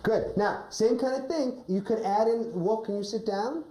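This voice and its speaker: A woman's voice: a little high, moderate pace, mellow, reverberant, low-quality recording. A woman coaching a teacher through a classroom drama lesson, often ending phrases with a questioning "right?". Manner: ends phrases with a rising "right?".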